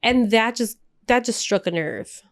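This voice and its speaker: A woman's voice: on the high side, animated, a little slow. A woman co-hosting a podcast, telling stories in a chatty, emotional way and slipping in Spanish phrases. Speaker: podcast co-host. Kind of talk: casual podcast chat.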